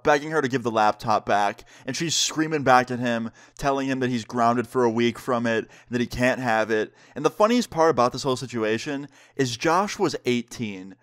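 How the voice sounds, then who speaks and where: Young guy vlogger, casual animated storytime, mid pitch. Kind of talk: storytime vlog.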